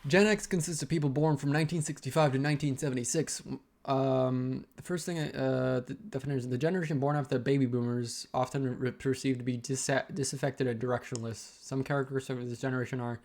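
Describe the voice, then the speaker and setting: A young man vlogging a casual personal rant, halting and rambling as he keeps restarting his sentences. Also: medium pitch, fairly even intonation, darkish tone.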